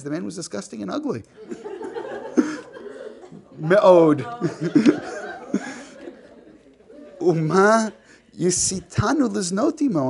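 A man's voice: a little high, vocal fry, a little mellow, slightly rough. A man teaching a class, reading a text aloud, translating it line by line and joking with the students. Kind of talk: classroom lecture.

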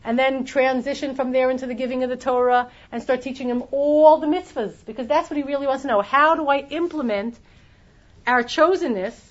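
A woman teaching a Torah class, her voice sitting a bit high. She explains step by step and often restarts her sentences. The recording is dull and lo-fi. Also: fairly quick. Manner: explanatory, many restarts, acts out quoted voices.

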